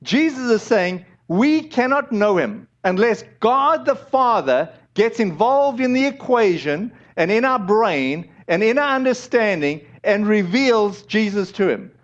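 A man's voice: sits high, animated, measured pace, few pauses. A man preaching a sermon as a pastor, speaking in a conversational way with restarts and fillers, and closing in prayer. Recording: dull lo-fi recording.

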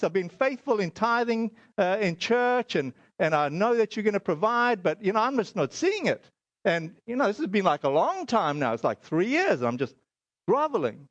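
A middle-aged South African man gives a testimony sermon, recounting his story with lots of fillers and acted-out dialogue. His voice is high-pitched, with no echo and the highs cut off.

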